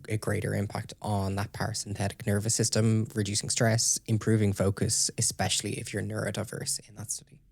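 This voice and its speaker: Low gravelly guy explaining studies on a podcast, keeps asking "okay?", dry close sound. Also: a little mellow, no room sound. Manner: explains steadily, checks in with "okay?". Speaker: podcast co-host presenting research. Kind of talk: casual explanatory chat.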